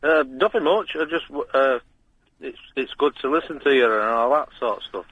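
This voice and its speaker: A man's voice: mid-range voice, normal speed, breathy edge, no room sound, phone-quality sound. A man from Morecambe, rambling cheekily as a caller to a radio phone-in. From Morecambe, England. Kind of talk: casual phone-in call.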